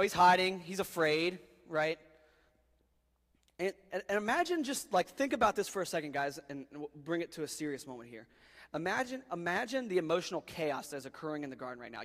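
Laid-back preacher guy cracking jokes at the crowd, bit high voice, echoey hall. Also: fairly bright tone. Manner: casual and joking, talks to the crowd as guys, bro and dude. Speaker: pastor. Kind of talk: sermon.

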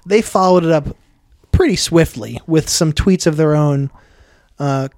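A man's voice: a little high, a little slow, darkish tone, no room sound. Man, comedy podcast co-host, dry jokes, reads news aloud, close dry sound. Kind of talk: casual comedy podcast chat.

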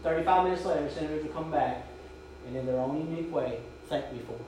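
Talking fast in a slightly high voice, the pastor tells his story and urges the congregation, bellowing quoted drill commands. The sanctuary echoes, he sounds distant, and a little hiss or hum runs underneath.

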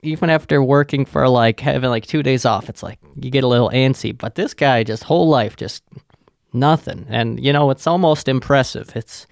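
A man's voice: mid-range voice, moderate pace, gravelly, no echo, studio quality. A man with a profane, sarcastic manner, rambling through a casual solo rant as a podcast host.

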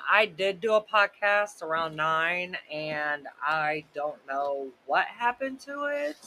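A man's voice: high-pitched, sharp tone, low-quality recording. A man hosting a podcast, talking casually about faith in a loose, rambling way full of "like" and "you know". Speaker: podcast host.

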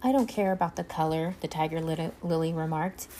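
A woman reading a children's storybook aloud, unhurried, now and then stumbling and restarting a word. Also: sits low, warm tone, slight background noise, poor audio. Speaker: reader.

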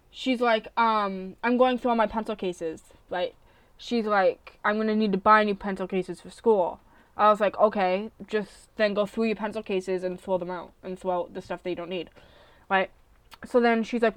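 With no room sound in the recording, a young woman on her own casual podcast rants bluntly, swearing as she rambles. Her volume shifts between loud outbursts and quiet mutters.

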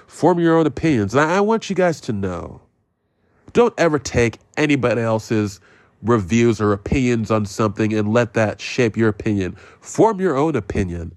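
A man's voice: fairly low pitch, lively intonation, moderate pace, no room sound, studio quality. A man hosting a podcast, giving a blunt, profane movie review rant. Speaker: podcast host.

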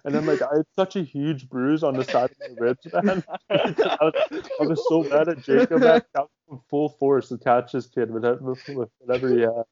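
A man's voice: medium pitch, very animated, moderate pace, darkish tone. A young man guest on a podcast, rambling through a story with constant fillers and laughter. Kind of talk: casual storytelling chat. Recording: slightly dull dry sound.

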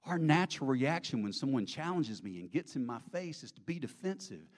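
A Southern-accented man preaching in a folksy, conversational way. His pitch and volume swing widely as he drops into near-whispers, then rises to loud emphasis. He asks the congregation questions as he goes. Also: sing-song, a little fast. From American South. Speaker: pastor. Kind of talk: sermon.

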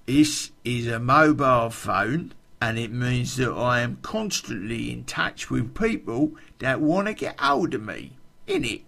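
Man putting on a slow, smug hard man. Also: medium pitch, lively intonation, vocal fry, fairly bright tone, full character voice. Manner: slow, self-important drawl. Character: cocky slow-talking male local hard man.

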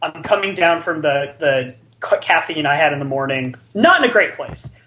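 Telling a long, meandering story to friends, this podcast co-host leans heavily on "like" as filler. He pitches on the high side in a sing-song way at normal speed, sounding pushed and bright, with a little hiss or hum in the background.

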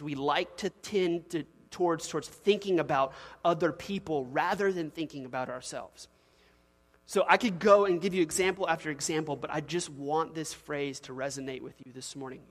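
Pastor preaching in a reverberant church. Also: male voice, on the high side. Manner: animated storytelling with laughs and acted quotes. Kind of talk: sermon. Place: church sanctuary.

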